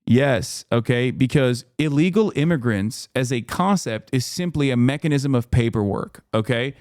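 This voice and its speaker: A man's voice: mid-range voice, animated, normal speed, darkish tone, no echo, clean studio sound. A man hosting a livestream, reading chat aloud and ranting in a heated, profane, exasperated way. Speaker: livestream host.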